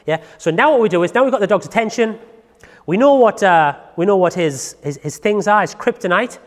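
A man's voice: sits high, lively intonation, a little fast, in a large hall. A man teaching dog training in a casual, chatty way, often checking in with the listener.

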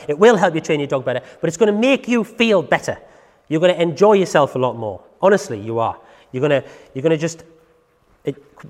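A man's voice: a little high, big-room sound. A man teaching dog training in a casual, chatty way, often checking in with the listener.

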